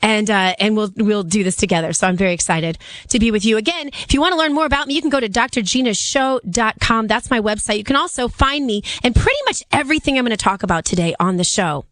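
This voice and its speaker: A middle-aged woman with a raspy voice, hoarse from laryngitis, filling in as a radio talk host with a chatty, earnest, pleading manner. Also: mid-range voice, fast talker, fairly bright tone, no echo.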